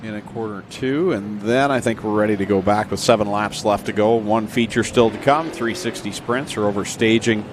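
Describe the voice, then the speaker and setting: A man's voice: fairly low pitch, normal speed, few pauses, noisy background. A man announcing a live race at an outdoor speedway, calling flags, restarts and battles, and laughing easily with his partner. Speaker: race commentator.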